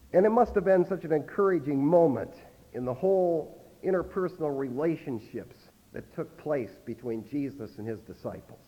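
A man preaching an expository sermon as a pastor, emphatic, his loudness rising and falling. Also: high-pitched. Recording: muffled sound with long hall reverb.

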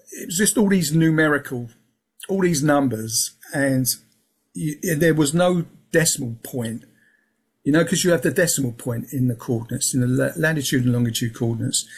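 A man speaks in a rough, gravelly voice with a husky, airy edge. He talks as a guest in a relaxed interview, wandering through his points with plenty of ums and restarts. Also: on the high side. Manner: rambling, restarts often, fills with um and yeah. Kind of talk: casual interview chat. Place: lives in England.

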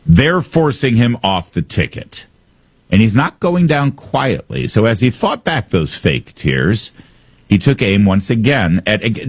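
A man's voice: medium pitch, breathy edge, dry recording. A male talk radio host giving opinionated political commentary in a sarcastic, combative way.

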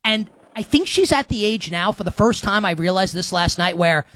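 A man's voice: sits high, lively intonation, moderate pace, a bit bright, dry recording. A young man hosting a casual sports podcast, chatty and rambling, with lots of fillers and restarts. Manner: rambling, filler-heavy, self-deprecating. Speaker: podcast host.

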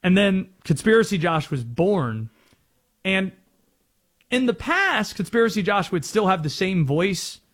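Lively, chatty sports radio host. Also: male voice, high voice, measured pace. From North Carolina. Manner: chatty, self-aware, explains his bits.

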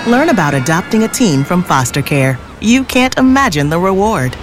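A woman's voice: fairly low pitch, sing-song, moderate pace, over music. A woman playing an adoptive mother in a public service ad, reassuring and playful. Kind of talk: scripted ad voice.

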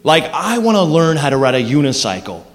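A man's voice: on the high side, very animated, a little fast. A man doing a rambling, self-mocking stand-up routine on a comedy club stage. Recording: echoey live club, crowd noise.

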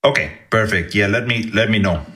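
A man's voice: fairly low pitch, brisk, sharp tone, slight background noise. A man posing as a client on a phone call in a put-on Indian accent, with brief casual replies.

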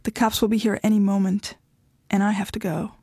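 A woman voicing an estranged wife who speaks firmly, flatly and with worn patience. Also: mid-range voice, brisk, slightly rough, no echo, studio quality. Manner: firm, flat, impatient.

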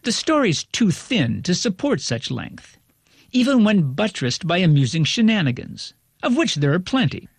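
A male critic reading a scripted review in a wry, articulate, measured way. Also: high voice, sing-song, husky, no room sound, studio quality.

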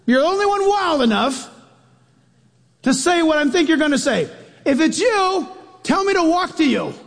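A man's voice: very high-pitched, sing-song, moderate pace, vocal fry, in a large hall, voice pushed up, full character voice. A man voicing a big burly bold fisherman apostle, calling out eagerly in a raised voice as part of a sermon.

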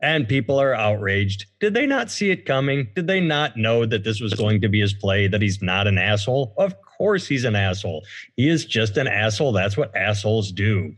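A man's voice: on the low side, lively intonation, normal speed. A man hosting a casual podcast, reading out news stories with sarcastic asides. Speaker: podcast host.

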